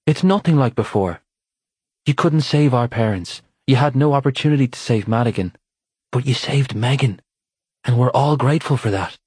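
A man's voice: medium pitch, normal speed, darkish tone, slightly rough, dry recording, studio quality, voice pushed up, close to an everyday voice. A man voicing an earnest male clan brother in an audiobook, with a slightly raised, insistent delivery.

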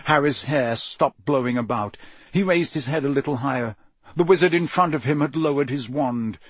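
A man narrating an audiobook with a dramatic, expressive reading. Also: medium pitch, normal speed, husky, no room sound.

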